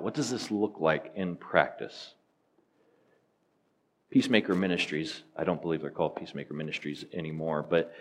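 A man's voice: deep voice, slight background noise. A man preaching a sermon, teaching in an earnest, emphatic way and asking rhetorical questions.

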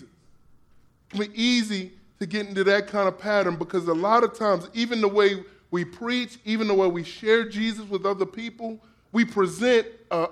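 High-voiced man preaching casually. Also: a bit bright. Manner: conversational, playful preaching with slang; acts out quoted voices. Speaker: pastor. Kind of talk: sermon.

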